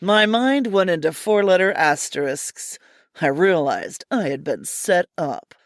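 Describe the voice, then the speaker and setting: Woman reading a comic noir story, dry wry delivery, pitch all over the place. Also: a little slow, no echo. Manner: wry, deadpan, theatrical. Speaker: narrator. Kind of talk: hardboiled storybook narration.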